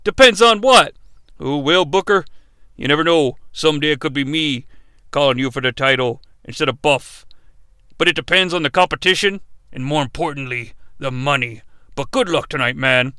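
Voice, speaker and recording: A man voicing a calm, money-minded male wrestler in a lowered, quiet, noncommittal drawl. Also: moderate pace, clean tone, dry recording. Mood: coy.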